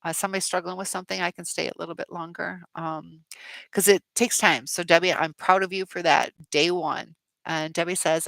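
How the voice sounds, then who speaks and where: A woman's voice: fairly low pitch, moderate pace, vocal fry, a bit bright, no echo. A middle-aged woman hosting a casual live chat, reading out viewer comments in a rambling, supportive way with many fillers.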